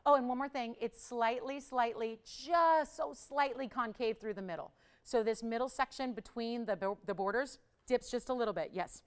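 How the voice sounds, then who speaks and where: A woman hosting a live jewelry shopping show, pitching pieces with enthusiastic, emphatic selling and repeated phrases. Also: normal speed, clean tone.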